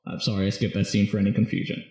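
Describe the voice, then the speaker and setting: Rambling low-voiced man in a very echoey room. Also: monotone, very fast, dark tone. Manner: rambling, filler-heavy, jokey summarizing. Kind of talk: casual movie script recap.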